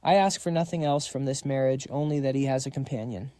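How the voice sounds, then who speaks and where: A man reading the lines of a middle-aged emperor who is a fond father, in measured, stately speech. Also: mid-range voice, mellow, smooth, dry recording, studio quality, lightly acted.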